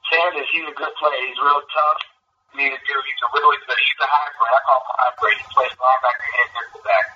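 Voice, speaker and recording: Bright young man on a muffled phone line. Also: medium pitch, fairly even intonation, far from the mic, slight background noise. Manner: earnest, halting, with fillers. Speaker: high school football recruit.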